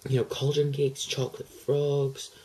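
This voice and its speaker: A man's voice: mid-range voice, flat delivery, measured pace, dark tone, husky, low-quality recording. A teenage boy, chatting to camera in a hyper, gushing, rambling way. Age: teens. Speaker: vlogger. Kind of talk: casual chat to camera.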